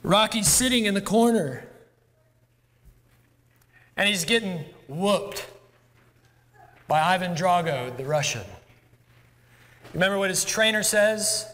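A man's voice: sits high, expressive, slow, long pauses, a bit bright. A male pastor preaching a sermon in a church, conversational and self-deprecating. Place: church sanctuary. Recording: long church hall reverb.

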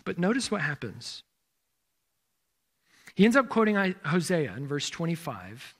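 High-voiced pastor preaching an expository sermon. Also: male voice, big pitch swings, measured pace, fairly bright tone, husky. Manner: expository, poses rhetorical questions; directs listeners to turn in their Bibles.

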